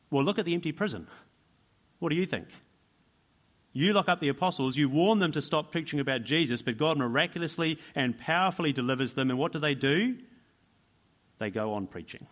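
A man's voice: mid-range voice, fairly bright tone. A man preaching a sermon, emphatic, asking rhetorical questions and repeating key phrases for weight.

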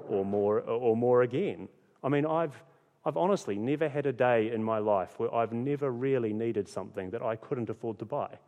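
Male pastor, mid-pitched, earnest sermon delivery with repeated refrains; long hall reverb. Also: a little mellow. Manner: earnest, repeats key phrases for emphasis.

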